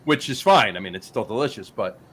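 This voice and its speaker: A man with a somewhat low voice hosts a beer podcast in loose, easygoing chat. He fills gaps with "uh" and circles back to repeat his own words. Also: lively intonation, fairly quick, fairly bright tone, slight background noise. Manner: easygoing, filler-heavy, repeats phrases. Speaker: podcast host. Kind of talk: casual chat.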